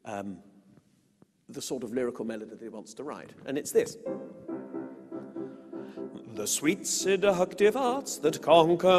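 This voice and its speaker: A middle-aged British man giving a music lecture, explaining and reciting song verses with deliberate emphasis. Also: medium pitch, creaky. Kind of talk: lecture with spoken and sung musical examples. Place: lecture hall. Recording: long hall reverb.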